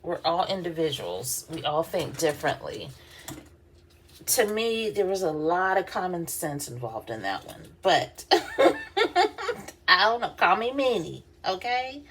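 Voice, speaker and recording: A woman's voice: lowish voice, very animated, a little slow, a bit bright, slight background noise. A woman vlogger, telling a work story in a casual, chatty way, with lots of fillers and laughs. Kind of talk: casual storytelling while doing her hair.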